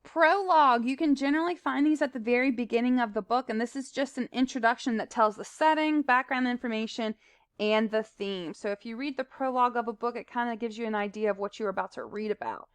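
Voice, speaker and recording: A woman talks through a recorded lesson in a fairly high voice. She explains terms plainly, with fillers and asides. The sound is dry and close, and her voice is smooth. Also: fairly quick, dry recording. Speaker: teacher.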